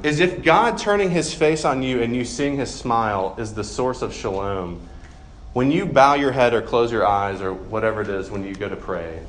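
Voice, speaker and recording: A man in his thirties preaching a sermon in a casual, conversational way, with self-deprecating humor and plenty of ums. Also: mid-range voice. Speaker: pastor.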